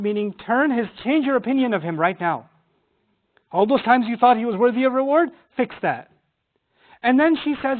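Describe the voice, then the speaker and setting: A man teaching a lesson on scripture, energetic and acting out the quotes. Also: high-pitched, normal speed. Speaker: Quran teacher. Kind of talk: animated lecture on scripture. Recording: tinny phone-like sound.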